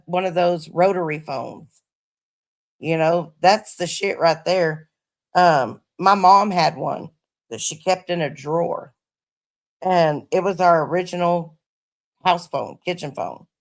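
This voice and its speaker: A middle-aged woman with a gravelly, fry-laced voice sitting a bit low for a woman. She chats to her livestream viewers and tells stories in a laid-back, profane way. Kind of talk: casual livestream chat. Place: her home.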